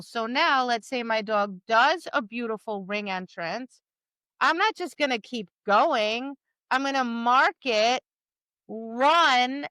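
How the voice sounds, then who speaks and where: Female podcast co-host, lively dog-trainer chat, high voice, dry close mic. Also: smooth, no echo. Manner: animated, acts out quoted lines to dogs and students. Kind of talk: casual chat.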